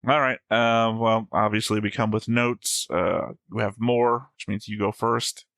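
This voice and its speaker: A man's voice: lowish voice, steady tone, unhurried, fairly bright tone, no room sound. A man co-hosting an anime reaction show, chatting casually and reading his notes in a dry, contrarian way.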